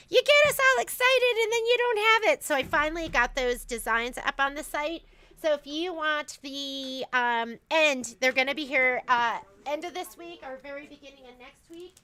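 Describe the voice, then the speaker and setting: A woman's voice: sits high, bright, forceful tone. A woman hosting a casual store livestream, chatting in a rambling way with lots of fillers and restarts.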